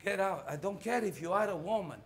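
A man's voice: high voice, animated, a little fast. A man playing a greedy, grumpy cemetery caretaker who scolds and shoos people away in a comic monologue. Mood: scolding.

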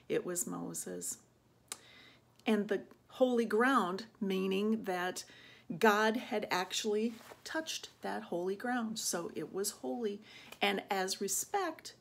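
A woman's voice: mid-range voice, creaky, breathy edge. A woman teaching a children's Bible lesson in a church in a friendly, coaxing way, often checking in with "right?". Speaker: children's Sunday school teacher.

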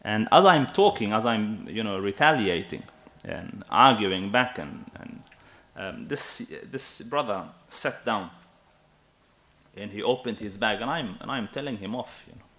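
A man in his thirties preaching a sermon in an animated, emphatic way, often checking with his listeners. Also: lowish voice, measured pace. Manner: animated and emphatic, with asides to the audience.

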